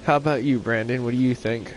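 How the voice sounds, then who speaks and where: He's a young man talking fast in a steady, mid-range voice while streaming a game, rambling, profane, and full of fillers like "like." Slight background noise is present in this casual stream chat.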